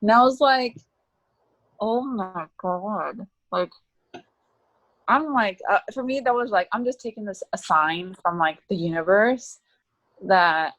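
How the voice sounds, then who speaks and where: A woman's voice: mid-range voice, moderate pace, fairly bright tone. A woman in her twenties, talking casually as an interview guest and saying "like" often. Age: 20s. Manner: chatty, heavy use of "like".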